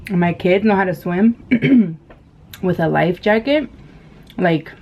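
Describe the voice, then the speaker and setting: A chatty woman vlogger tells stories casually during a mukbang, laughing often and filling her speech with fillers. Her somewhat low, slightly mellow voice is animated, and she speaks slowly. Dull lo-fi camera audio carries faint noise.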